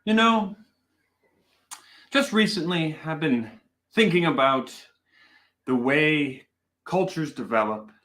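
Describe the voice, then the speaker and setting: A man hosts a casual live stream from home, chatting into a desk microphone. His voice is bright and his pitch moves all over. He rambles playfully and tells stories in a mock-serious way. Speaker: host.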